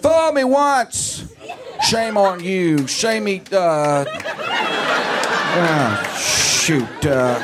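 A man's voice: high-pitched, lively intonation, drawn-out words, heavy background noise, exaggerated voice. A man doing an impression of a bumbling president who drawls, halts and stumbles over the last word of his sentences. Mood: fumbling. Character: bumbling male president impression, folksy, fumbling words.

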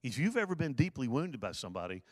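A man's voice: mid-range voice, big pitch swings, quick pace, dry recording, studio quality. A man preaching a sermon, earnest, repeating his key phrases for emphasis. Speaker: pastor.

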